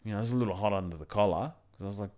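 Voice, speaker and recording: A man's voice: lowish voice, rapid-fire, warm tone. A young man on a podcast, animatedly retelling a work story in casual, crude slang. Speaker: podcast co-host. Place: backyard.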